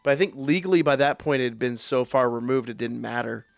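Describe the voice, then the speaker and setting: A man streaming live, telling a profane, animated story in a casual way. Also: mid-range voice, fast talker, gravelly, no echo, soft background music. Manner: profane, animated anecdote with quoted voices.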